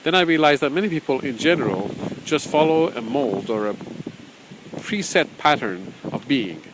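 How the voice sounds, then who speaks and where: A man's voice: fairly high pitch, animated, moderate pace, noisy background. A man teaching an informal spoken course, talking conversationally, repeating phrases and chuckling often, sometimes reading from his own book. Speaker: spiritual teacher.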